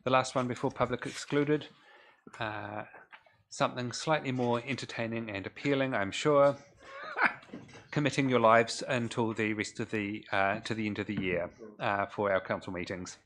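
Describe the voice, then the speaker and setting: A man from New Zealand, a council officer, presenting agenda items in a measured way with frequent pauses. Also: medium pitch, fairly even intonation, fairly bright tone, a little hiss or hum. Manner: measured, many fillers, dry humour. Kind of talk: formal meeting presentation. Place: council chamber.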